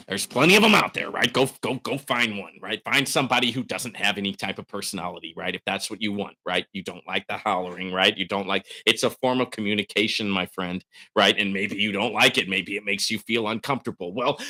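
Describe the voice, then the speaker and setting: A man hosting a live question-and-answer chat, animated and prone to sudden hollering, tagging his points with "right?". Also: on the low side, brisk. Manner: animated, hollering bursts, calls viewers bro; frequent "right?" tags. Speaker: host.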